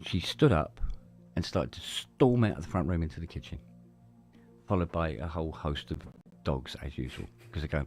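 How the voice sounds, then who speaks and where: A man's voice: a bass voice, animated, moderate pace, darkish tone, faint music behind. A man telling stories in casual podcast conversation, acting out his own anecdotes. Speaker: podcast co-host.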